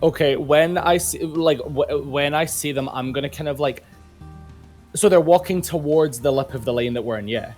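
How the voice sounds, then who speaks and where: A man's voice: fairly high pitch, normal speed, a little mellow, soft background music. Chatty man playing a tabletop game. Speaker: player. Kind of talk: casual tabletop play.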